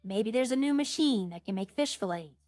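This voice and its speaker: A woman's voice: fairly high pitch, animated, fairly quick, a little mellow, dry recording. Chatty rambling woman streamer, dry close sound. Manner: rambling, chatty, trailing off and restarting. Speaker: roleplay streamer. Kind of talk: casual streaming chat while playing.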